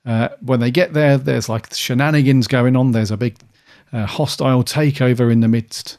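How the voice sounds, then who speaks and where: A man in his forties co-hosting a podcast. He chats in a relaxed way, his voice middling in pitch, with plenty of fillers as he goes. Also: normal speed. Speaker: podcast co-host. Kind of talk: casual chat.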